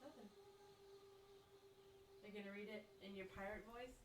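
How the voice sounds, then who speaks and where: A woman's voice: mid-range voice, steady tone, moderate pace, echoey room, background noise. A woman chatting and teasing from the side of a game stream, giggling. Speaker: streamer's partner in the room. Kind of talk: casual chat from off mic.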